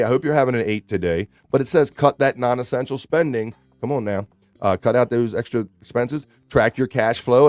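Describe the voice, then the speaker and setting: A man hosting a livestream, casually reading horoscopes to his chat and riffing on them in a relaxed, talkative way. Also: medium pitch, no room sound. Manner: relaxed, chatty, reads slowly then riffs. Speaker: livestream host.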